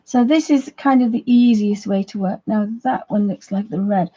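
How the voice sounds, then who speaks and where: A woman demonstrates watercolour techniques on a live stream, talking casually and greeting viewers as she works. Her voice is mellow and a little husky, and she often restarts her sentences. The audio is dull and lo-fi. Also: mid-range voice, moderate pace. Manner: chatty, friendly asides to viewers, trailing restarts. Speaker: art tutor, livestream host.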